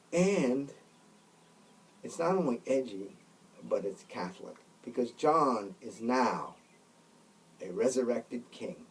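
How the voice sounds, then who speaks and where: A man gives casual storytelling commentary, emphatic and constantly checking in with his listeners. His voice is mid-pitched and a little husky. The microphone sits some distance away. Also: a little mellow. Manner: emphatic, keeps checking in with "right?" and "okay?". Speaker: Catholic commentator.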